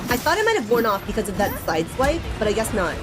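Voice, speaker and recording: A woman's voice: on the high side, very animated, quick pace, loud music behind the voice. A young woman streaming a video game, chatting casually and giggling, with lots of "like" and "bro" in her talk. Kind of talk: casual gaming stream chat.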